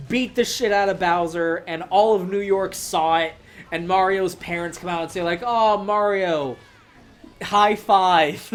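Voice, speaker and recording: Rambling young man with a higher voice. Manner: rambling, swears, filler-heavy, laughs a lot. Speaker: movie reviewer. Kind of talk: casual rambling review.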